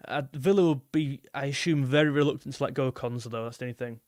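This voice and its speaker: A man's voice: mid-range voice, quick pace, darkish tone, no echo, clean studio sound. A young man hosting a live football stream, chatting casually and rambling as he reads out viewer messages. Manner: rambling, repeats himself, reads super chats aloud.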